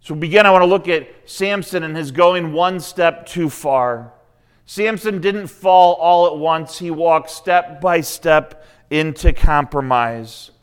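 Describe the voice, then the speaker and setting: A man preaching a sermon in a slightly higher-than-usual voice. His tone is smooth and resonant, and he retells the story casually, breaking off for his own comments. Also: takes it slowly. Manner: conversational, retells scripture with asides.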